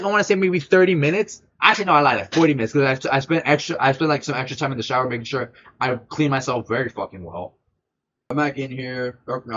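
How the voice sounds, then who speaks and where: A young man streamer telling a story in a casual, animated way, full of swearing and repeated words. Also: mid-range voice, dull audio. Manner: animated, profane, repeats himself often.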